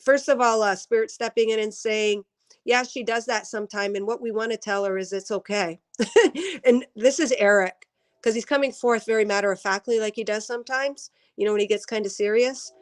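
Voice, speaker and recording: A woman's voice: on the high side, normal speed. A woman giving casual spiritual readings on a live stream. She talks to viewers by name and laughs often. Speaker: intuitive reader on a live stream.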